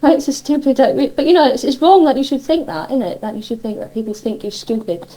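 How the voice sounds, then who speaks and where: A middle-aged Cornish woman from Cornwall, England, chats in an interview, reminiscing in a rambling way and often correcting herself. Her voice is high and warm, she talks fast, and the recording is rough.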